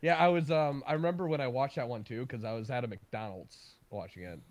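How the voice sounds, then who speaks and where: A young man holds a casual livestream chat in an ordinary middle-pitched voice. He tells crude stories with a lot of energy and swears freely. He sounds like a host entertaining his guests. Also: fairly quick. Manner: excitable, profane storyteller.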